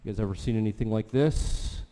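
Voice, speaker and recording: A man preaching a sermon, telling a story with animated swings from quiet talk to loud exclamations. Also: lowish voice, fairly quick, long reverb tail. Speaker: pastor.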